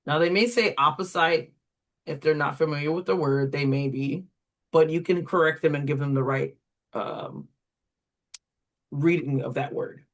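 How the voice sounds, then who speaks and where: Word by word, the reading tutor prompts a phonics drill slowly and deliberately in call-and-response, spelling each letter by letter and giving examples. Short asides to other tutors explain the approach in a lower, quicker voice.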